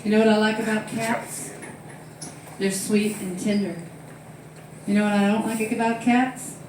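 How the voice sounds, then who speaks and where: A woman performing a stand-up comedy set in a club, telling stories with loud acted-out quotes. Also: mid-range voice, level tone, measured pace, recorded from a distance, noisy background. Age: 60s. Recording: very echoey room, voice off-mic.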